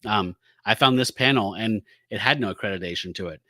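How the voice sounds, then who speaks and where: A man's voice: on the low side, pushed and bright, no echo. Chatty man recapping a comic, dry sound. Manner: reads out comic dialogue in quick put-on voices, laughs often. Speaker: podcast co-host. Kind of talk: casual comic book discussion.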